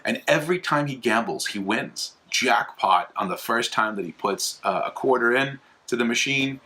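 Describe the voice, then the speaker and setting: A young man hosting an apologetics channel, talking casually in a rambling way with many fillers and restarts, and animated when he retells a story. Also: medium pitch, moderate pace. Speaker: host of an apologetics video channel. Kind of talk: casual explainer monologue.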